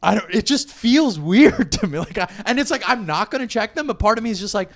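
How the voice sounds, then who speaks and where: A man from Queens, hosting a casual comedy podcast chat, laughing often and animated. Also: high-pitched, fairly quick. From New York (Queens). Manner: laughs often, animated, slips into playful put-on voices. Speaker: podcast host.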